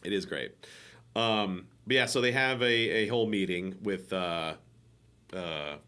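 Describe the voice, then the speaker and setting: A man co-hosting a casual podcast chat, telling stories in an animated way and acting out what people said. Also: low-pitched, a little slow, clear, resonant tone. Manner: animated storyteller who acts out quotes and laughs often. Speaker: podcast co-host and voice director.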